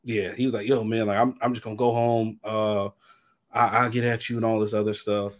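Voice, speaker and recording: A man's voice: lowish voice, flat delivery, a little fast. A young man co-hosting a podcast, telling a long story in casual chat, acting out quotes with heavy slang and lots of fillers. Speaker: podcast co-host.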